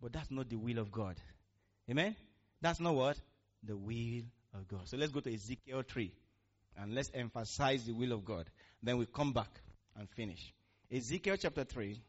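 A man's voice: medium pitch, expressive, moderate pace. A man preaching a sermon, using call-and-response with the congregation. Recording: muffled lo-fi recording.

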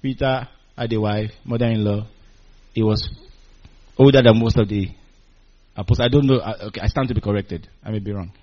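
A man preaching a sermon, animated and calling out to his congregation, chuckling between points. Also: on the low side, a little fast, pauses often. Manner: animated, call-and-response with congregation. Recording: dull lo-fi recording.

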